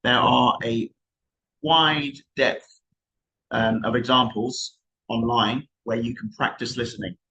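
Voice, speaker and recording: A man's voice: medium pitch, steady tone, takes it slowly, pushed and bright, muffled recording, slight background noise. A man from South England with a London accent, giving an unscripted online lesson as an exam tutor. He explains things at length in an encouraging way, often restarting his sentences.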